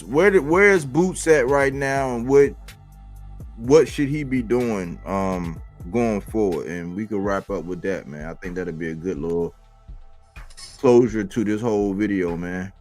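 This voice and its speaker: A man's voice: mid-range voice, darkish tone. A man hosting a casual boxing chat on a livestream, loose and laid-back, trailing off with fillers. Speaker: host. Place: livestream call. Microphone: video call.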